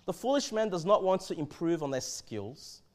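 Man, high voice, swooping lively pitch, preaching sermon, repeats words. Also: moderate pace. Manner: animated, repeats and restarts words. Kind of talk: expository sermon.

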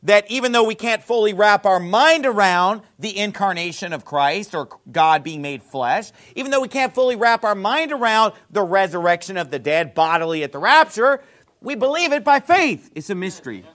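A man preaching a sermon, telling an animated story about a phone call, asking rhetorical questions and laughing at his own jokes. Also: high voice, moderate pace. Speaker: pastor.

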